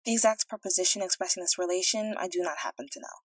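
A woman narrating a fairy tale in an even, measured reading, recorded a little off-mic. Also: lowish voice, no room sound, recorded from a distance, rough recording. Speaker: audiobook reader. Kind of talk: storybook narration.

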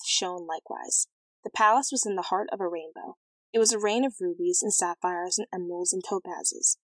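A woman reading a fairy tale aloud in a measured, clear and expressive way. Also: medium pitch, no room sound, rough recording. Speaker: storyteller.

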